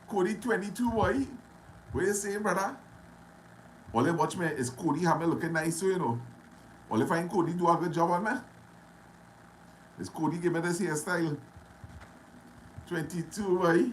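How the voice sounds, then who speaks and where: A man with a Trinidadian accent hosting a casual live stream, greeting viewers one by one and talking loudly. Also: high voice, normal speed, pauses often, slight background noise, low-quality recording. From Trinidad and Tobago. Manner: greets viewers by name, loud and friendly. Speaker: livestream host.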